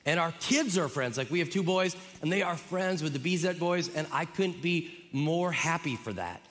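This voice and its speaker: A middle-aged male guest preacher from Minnesota with a bright, ringing tone, pitched a little high, joking warmly with the congregation. His voice carries a long hall reverb. A crowd can be faintly heard in the room. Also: expressive, normal speed. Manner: enthusiastic, joking, warm with the crowd. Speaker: guest pastor. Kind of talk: sermon. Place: large church auditorium. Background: congregation audible.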